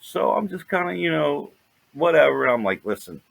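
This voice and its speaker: A man's voice: a little high, moderate pace, vocal fry, no echo. A man co-hosting a podcast, telling a rambling story full of "you know" fillers. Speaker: podcast co-host. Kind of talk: casual storytelling.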